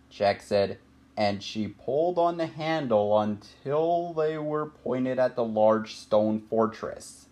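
Slow, lively storybook narrator over music. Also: mid-range voice. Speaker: audiobook narrator.

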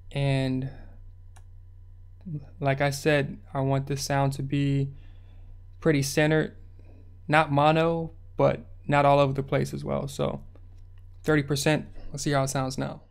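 A man's voice: medium pitch, creaky, clean tone. A man hosting a music production tutorial, talking through the steps in a laid-back, slangy way. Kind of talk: casual screen-recorded tutorial narration.

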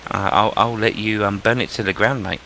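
A man's voice: lowish voice, fairly even intonation, a little fast, gravelly, noisy background. A man chatting and joking while playing an online game with friends, reading quest text aloud. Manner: joking, playful. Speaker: gamer.

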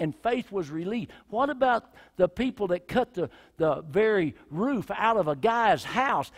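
Impassioned high-voiced preaching man. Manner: impassioned preaching that swings from shouts to near whispers. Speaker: pastor. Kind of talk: sermon. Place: church sanctuary with a congregation. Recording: reverberant church hall.

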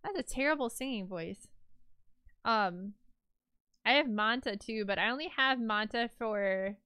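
A woman's voice: a little high, measured pace, pushed and bright, clean tone, no room sound, clean studio sound. A young woman streamer in casual chat with her viewers, rambling and chatty with lots of fillers.

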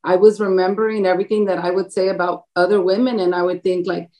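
A married adult woman with a grown son appears as an interview guest to give a personal faith testimony, telling her story animatedly, acting out quoted dialogue and laughing often. Her voice is on the low side and darkish, quick, with fairly even intonation.

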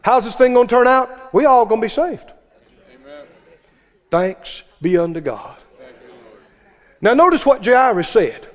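Male preacher, high and unhurried, earnest sermon in a church with long reverb. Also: expressive. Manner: fervent, repetitive exhortation to a congregation.

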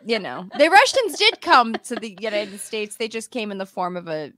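Lively, animated woman chatting on a podcast. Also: mid-range voice, normal speed, no room sound. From Los Angeles, California. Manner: animated storytelling, acting out quotes with laughter. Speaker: guest host. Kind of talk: casual podcast chat.

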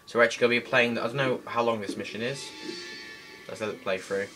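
Excitable man commentating a game. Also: medium pitch, fast. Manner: excitable, chatty, laughs and shouts at enemies. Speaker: gameplay commentator. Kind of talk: let's play commentary. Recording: game music loud behind voice.

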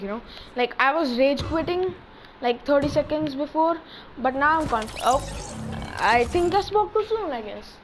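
A gaming channel host giving excitable live commentary on his own play, talking to himself as he goes. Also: high-pitched, slight background noise, low-quality recording. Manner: excitable, talks to himself while playing.

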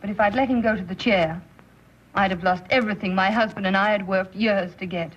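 A woman's voice: medium pitch, fairly even intonation, a little fast, husky, close to an everyday voice. A woman playing a troubled, determined widow. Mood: tense. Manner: tense, earnest and bitter. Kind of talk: 1930s radio drama acting. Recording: muffled 1930s radio recording.

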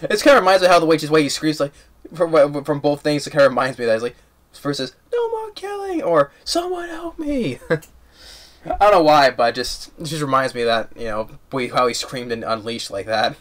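A man giving a casual, rambling movie review and recapping the plot excitedly with lots of restarts. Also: mid-range voice, quick pace.

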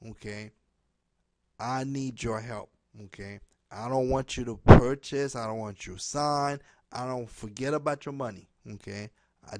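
A man making a direct appeal to camera, pleading and repeating himself, ending most lines with a low "okay?". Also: darkish tone, dry recording. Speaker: home business promoter.

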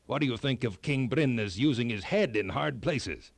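A man's voice: medium pitch, animated, moderate pace, creaky, no room sound. Man doing King Brinna, a bold cheerful king. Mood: boastful. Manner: exclaiming, triumphant.

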